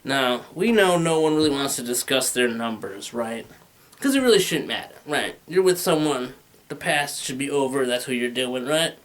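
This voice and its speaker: A man's voice: medium pitch, expressive, normal speed. A man in his thirties doing a rambling, crude stand-up comedy set, acting out voices and talking into a handheld microphone. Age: 30s. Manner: rambling, crude, acts out voices with big swings.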